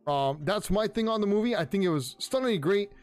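High-voiced man rambling through a review. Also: animated, brisk, smooth. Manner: rambling, repeats words, many ums. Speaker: pop culture show host. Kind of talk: casual solo review talk. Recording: faint music underneath.

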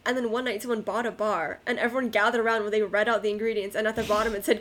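A woman's voice: a little high, steady tone, racing, few pauses. Chatty woman podcast co-host. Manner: chatty, digressive storytelling with fillers. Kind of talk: casual chat.

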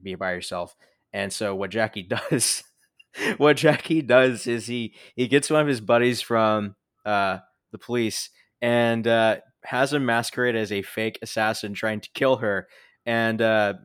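A man co-hosting a casual movie review chat, animated, swearing freely and filling gaps with "like" and "um". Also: on the low side, no room sound, clean studio sound. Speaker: podcast co-host.

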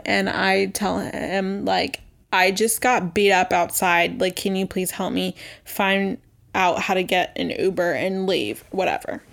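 A young woman telling a personal story in a casual storytime monologue, animated and exasperated, swearing freely and acting out what people said. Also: mid-range voice.

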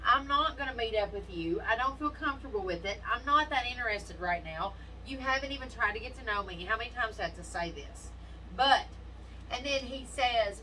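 A woman with a bright, forceful voice trades blunt, profane stories in a casual chat, telling them with plenty of animation. She sits some way off the mic, and a faint hiss runs under her voice. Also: a little high, animated, brisk. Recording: distant mic with faint noise.

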